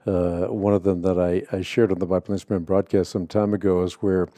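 A man hosting a radio call-in show, speaking in a measured, deliberate way with frequent filler sounds. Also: low voice, little pitch movement, mellow, no room sound.

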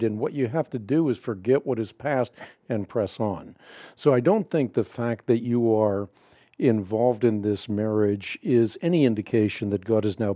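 Man, radio host, mellow dark tone, dry studio sound, measured and explanatory. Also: lowish voice, no room sound. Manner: measured, explanatory, cites scripture. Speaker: radio host answering Bible questions. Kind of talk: call-in radio answer.

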